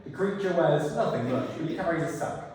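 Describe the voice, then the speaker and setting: Animated man directing a rehearsal. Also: on the high side, a little fast. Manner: animated, breaks into silly voices and laughs. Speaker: theatre director. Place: rehearsal hall. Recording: echoey hall, far from the mic.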